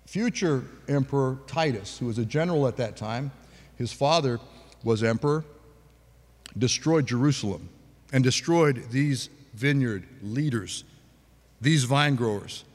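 A man preaching a sermon in a relaxed conversational way, asking the congregation questions. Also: mid-range voice, a little slow, in a large hall. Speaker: pastor.

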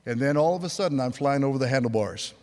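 A man's voice: mid-range voice, quick pace, a little mellow. Older male preacher in a reverberant hall. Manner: rambling storytelling, rising to fervent preaching. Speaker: pastor. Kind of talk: sermon.

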